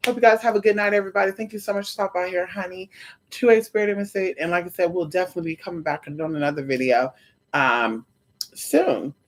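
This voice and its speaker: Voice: medium pitch, quick pace. A livestream host chatting casually with viewers, sassy and profane, calling them honey and girl, and slipping into quoted voices. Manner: animated, breaks into quoted voices.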